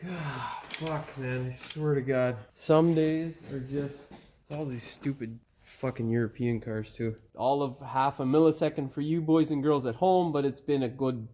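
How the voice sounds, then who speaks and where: A man's voice: medium pitch, steady tone, a little slow, hardly any pauses, warm tone, slight background noise. A man hosting a car repair channel, stumbling over his lines, getting frustrated and cursing in the outtakes of his video. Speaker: auto mechanic channel host.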